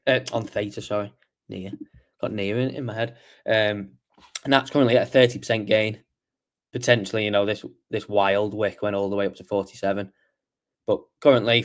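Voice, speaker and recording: A man with a lowish, clean-toned voice hosts a casual market review stream, working through charts and answering chat questions. He sounds tired and keeps yawning.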